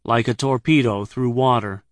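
A man's voice: mid-range voice, fairly even intonation, moderate pace, no echo. Dry funny guy reading his travel memoir, close mic, dead dry room. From United States. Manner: dry, wry comic storytelling. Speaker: narrator. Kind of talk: first-person audiobook narration.

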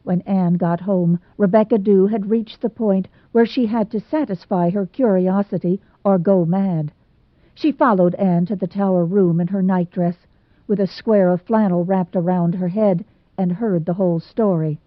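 Casting: female audiobook narrator, mid-pitched, on a dry, tinny phone-like line. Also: normal speed, dry recording. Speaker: audiobook reader. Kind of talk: scripted narration.

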